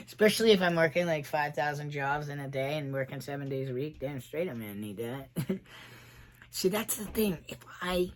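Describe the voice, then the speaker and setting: On a relaxed livestream, a forty-something trans man wanders from thought to thought, laughing often at his own humor. His voice sits on the high side and moves a little fast.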